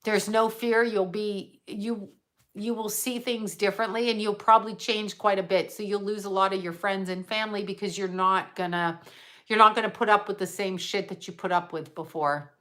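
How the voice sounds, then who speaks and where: A middle-aged woman, a psychic medium, talking frankly and casually on a live stream, reading viewer comments and often breaking off in halting restarts. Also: mid-range voice, fairly even intonation, fairly bright tone. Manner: frank and profane, halting with restarts when emotional.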